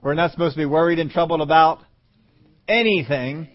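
A male preacher delivers a sermon on a muffled, lo-fi recording, his voice sitting a little high. He acts out biblical voices calling names, swinging from ringing calls to soft, low lines. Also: brisk. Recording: dull lo-fi audio.

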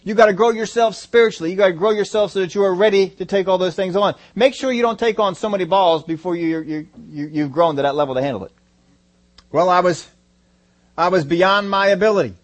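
A man preaching a sermon, animated, repeating phrases for emphasis and acting out a crowd's reactions. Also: high-pitched, brisk. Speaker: pastor.

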